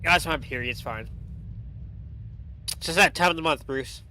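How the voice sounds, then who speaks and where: A man's voice: a little high, moderate pace, bright, forceful tone. A young man with a sore throat, chatting and rambling through gameplay commentary on a headset mic, swearing often. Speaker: streamer.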